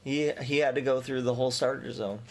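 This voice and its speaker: A man's voice: mid-range voice, steady tone, fairly quick. A man co-hosting a game stream, chatting in an easygoing way with dry jokes. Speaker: gaming streamer co-host. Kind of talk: casual chat while playing a game.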